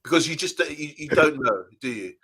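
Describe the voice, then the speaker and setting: A man's voice: on the high side, lively intonation, moderate pace, bright, forceful tone, breathy edge. A man co-hosting a casual live fan show, chatting and reading out viewer comments. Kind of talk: casual live-stream chat.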